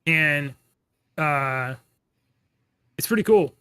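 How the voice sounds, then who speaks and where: A man in his thirties co-hosting a podcast, chatting casually and telling animated, rambling stories with laughs. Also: on the high side, drawn-out words, clean tone, no room sound. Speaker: podcast co-host. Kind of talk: casual chat.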